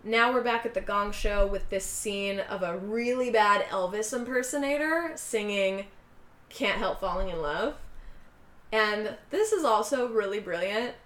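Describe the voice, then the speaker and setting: A podcast co-host recaps a film scene by scene in a relaxed, chatty way, quickly switching into voices for each character she quotes. Her pitch is mid-range for a woman, and the room sounds noticeably echoey.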